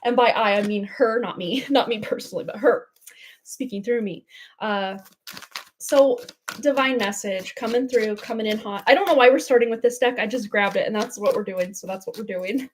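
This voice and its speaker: A woman's voice: fairly high pitch, normal speed, slight background noise. A woman giving live tarot readings on a livestream, chatty and gushing, full of fillers and little laughs. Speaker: tarot reader. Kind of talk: casual livestream chat.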